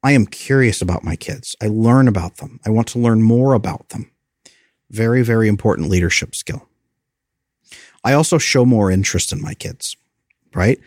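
A man in his thirties giving earnest parenting advice, explaining his points and repeating them for emphasis, his voice jumping up when he gets animated. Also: lowish voice, moderate pace, no echo, studio quality. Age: 30s.

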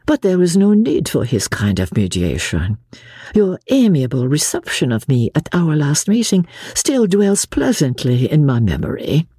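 A mischievous young society lady speaks in a light, teasing, raised voice, as a woman reads her in a storybook. The pitch leaps about playfully, with a husky edge. The sound is close and dry. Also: huge pitch swings, moderate pace, mellow, no echo, exaggerated voice.

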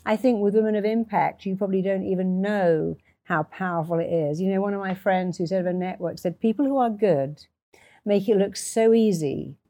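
Mellow-voiced woman host. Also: mid-range voice, moderate pace, no room sound. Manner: effusive, praising, explains with examples. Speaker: interview host. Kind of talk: interview conversation.

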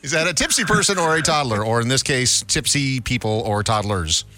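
Male radio host, upbeat quiz patter, lively pitch, bright voice. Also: fairly quick, faint music behind. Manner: upbeat game-show patter. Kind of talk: radio show segment hosting.

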